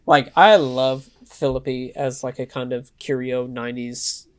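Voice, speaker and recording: A man co-hosting a podcast, giving dry, wry opinions on a film in a relaxed, conversational way. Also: medium pitch, unhurried, clear, resonant tone. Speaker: podcast co-host. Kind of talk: casual film discussion.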